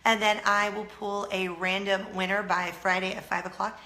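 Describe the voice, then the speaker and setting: A bright, forward-sounding woman with a slight Southern drawl, chatting to her viewers with a voice roughened by a lingering cold. She is self-mocking and laughs easily, and the room around her echoes a little. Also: mid-range voice, level tone, normal speed. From California. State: hoarse from a cold. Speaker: vlog host. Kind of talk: casual chat to camera.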